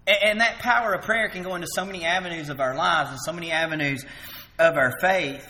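A male preacher delivers an evening sermon with animated swings, pushing loud on his points and sinking quiet for quoted words. His voice is bright and edged, sitting a little high. The sound rings on in a reverberant hall. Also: fast talker.

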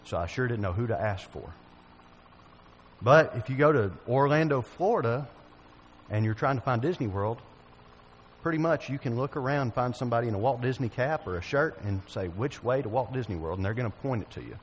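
A man preaching to a gathered group, spinning a folksy personal story and stopping to ask his listeners questions. His voice sits at an ordinary middle pitch. A faint hum of room noise runs underneath. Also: lively intonation, a little fast, rough recording.

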